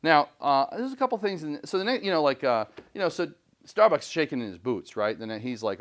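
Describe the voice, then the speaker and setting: A man teaching a high school English class, chatty and full of questions to the students. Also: big pitch swings, brisk. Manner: chatty, questioning, frequent "right?". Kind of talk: classroom lecture and discussion.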